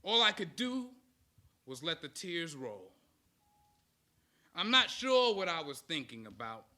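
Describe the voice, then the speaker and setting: Bright, lively man giving a rousing speech. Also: fairly high pitch, slow pace. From United States. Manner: rousing call-and-response delivery. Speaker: speaker. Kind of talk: motivational speech.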